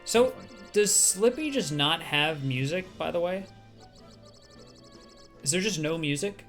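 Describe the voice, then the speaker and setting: A man's voice: fairly high pitch, animated, a little slow, a bit bright. A laid-back man co-hosting a casual gaming stream, easygoing and agreeable. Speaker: co-host. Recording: faint music underneath.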